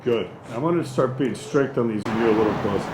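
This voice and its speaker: A man working as an acting coach, calling action and giving brisk, encouraging cues on set. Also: mid-range voice. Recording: echoey room with loud noise.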